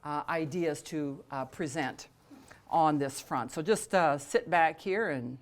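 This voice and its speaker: A woman's voice: low-pitched, takes it slowly, a little hiss or hum. Chatty woman leading a workshop. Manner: conversational, frequent fillers and restarts; laughs and jokes with attendees. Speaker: workshop trainer. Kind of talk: interactive training session.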